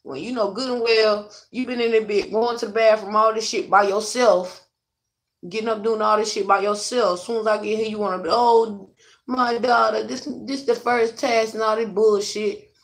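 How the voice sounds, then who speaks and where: A woman's voice: mid-range voice, fairly even intonation, brisk. A young adult woman venting to her viewers in a blunt, profane, rambling way. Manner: addresses viewers directly. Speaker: vlogger. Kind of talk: casual venting to camera.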